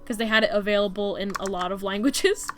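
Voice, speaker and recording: Her voice is medium in pitch and quick-paced: a young woman chatting casually on stream while drawing. She rambles, saying "like" often and restarting herself, with faint music in the background.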